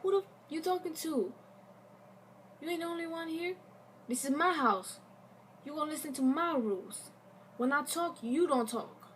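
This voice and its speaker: An aggressive young boyfriend laying down the law in a bossy, threatening tone, with a woman doing his voice pitched high above her own. The delivery is clipped and controlling. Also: moderate pace, long pauses, fairly bright tone, a little hiss or hum. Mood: menacing.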